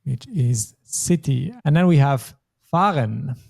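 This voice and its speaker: A man's voice: mid-range voice, expressive, slow pace, vocal fry, a little mellow. A man teaching a language lesson, explaining patiently step by step. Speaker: German teacher.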